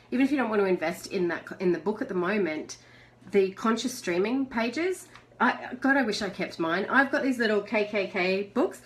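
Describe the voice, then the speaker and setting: A woman's voice: medium pitch, slight background noise. A middle-aged woman hosting a live video chat. She talks chattily, reads out viewer messages, and laughs often. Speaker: host.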